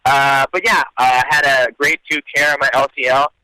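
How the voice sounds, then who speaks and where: A man answering interview questions in relaxed storytelling, casually swearing. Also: medium pitch, moderate pace, dry recording, poor audio. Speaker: guest athlete, UFC champion.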